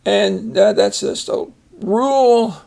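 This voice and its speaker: An older man teaching a phonics lesson, explaining each word slowly and patiently. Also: high-pitched, creaky, darkish tone. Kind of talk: casual reading lesson.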